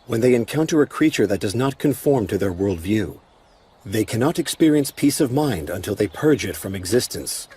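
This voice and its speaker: A solemn husky golem lord. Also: male voice, fairly low pitch, mellow. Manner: slow, measured, solemn. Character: towering male golem lord, calm, protective, emotionless. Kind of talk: anime English dub.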